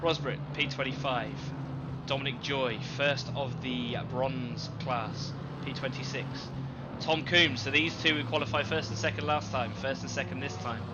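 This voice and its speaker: Male sim racing commentator, casual and chatty, mid pitch, over loud game engine noise. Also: highs cut off. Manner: chatty, running through names quickly with asides. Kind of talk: live esports race commentary.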